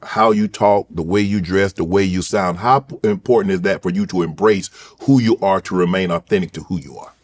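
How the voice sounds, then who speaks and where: A middle-aged man with a thick rural South Georgia accent hosts a sit-down interview. His voice sits a little on the low side, and he talks in an unhurried drawl that often stumbles and restarts mid-phrase. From rural South Georgia, USA. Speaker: host. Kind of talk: podcast interview.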